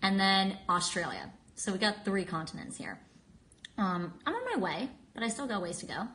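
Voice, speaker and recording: A woman's voice: mid-range voice, big pitch swings, moderate pace, bright, forceful tone, slight background noise. A woman in her twenties chatting casually on a phone live stream, bubbly and giggly, reading out fan usernames and answering their questions. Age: 20s. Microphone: phone at arm's length.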